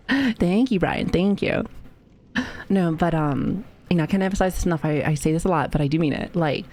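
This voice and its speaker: A woman's voice: fairly low pitch, moderate pace, pauses often, a little mellow, a little hiss or hum. A woman streaming live and chatting casually with her viewers, swearing freely and laughing often, who says she has been sick lately. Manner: profane, joking, laughs often. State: recovering from illness.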